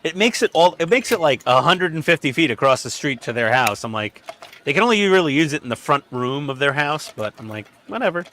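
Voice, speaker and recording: Bright-voiced man telling animated stories. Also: fairly quick, a little hiss or hum. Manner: animated storyteller who acts out quotes with sudden pitch jumps. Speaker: model-building stream regular. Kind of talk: casual group chat while building.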